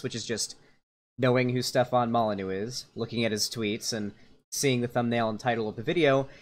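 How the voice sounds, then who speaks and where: Young man doing casual stream commentary. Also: mid-range voice. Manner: casual, rambling, lots of fillers and restarts. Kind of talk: live-stream reaction commentary.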